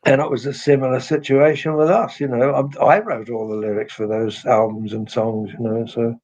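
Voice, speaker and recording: A guest musician, a man, talks over a slightly dull, lo-fi remote line. He speaks at a medium pitch, unhurried and reflective, and often starts a thought by repeating a word. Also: steady tone, a little mellow. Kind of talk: casual interview conversation.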